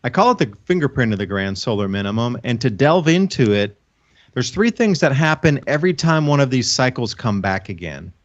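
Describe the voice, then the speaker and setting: A man's voice: mid-range voice, sing-song, a little fast, dull audio. A man giving a long, earnest, rambling explanation as a guest on a casual talk show, often restarting his sentences. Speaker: guest, online channel host. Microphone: own microphone.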